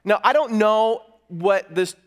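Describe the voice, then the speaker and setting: Earnest preacher man, slightly high voice. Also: slow pace. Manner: earnest storytelling preacher with lively asides. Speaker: pastor. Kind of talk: sermon.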